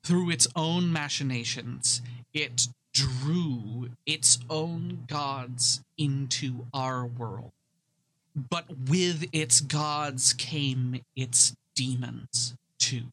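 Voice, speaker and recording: Give me a man playing an ancient woman recounting a legend, slow and bright-toned. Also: medium pitch, a little hiss or hum, low-quality recording. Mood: solemn. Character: ancient woman telling her people's legend.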